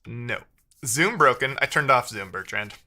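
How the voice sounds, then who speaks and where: Guy live-coding on stream, talks to himself a lot, bright voice. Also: mid-range voice, lively intonation, unhurried. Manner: muttering self-talk with playful asides. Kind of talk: thinking aloud while coding, chatting with viewers.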